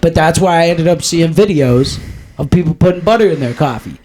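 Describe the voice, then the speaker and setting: Man, podcast co-host, casual chat, swears a lot, a bit high in pitch. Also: expressive, brisk, darkish tone, slight background noise. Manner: profane, rambling, jokey.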